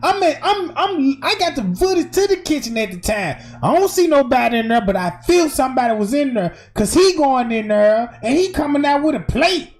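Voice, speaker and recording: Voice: high-pitched, moderate pace, hardly any pauses. A streamer giving casual, emphatic and profane commentary over video footage. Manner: animated, emphatic, slangy and profane.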